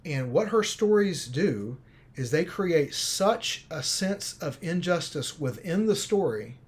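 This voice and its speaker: A man, a film director, talking casually on a livestream and telling a story in a rambling, animated way with many fillers. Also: on the high side, takes it slowly.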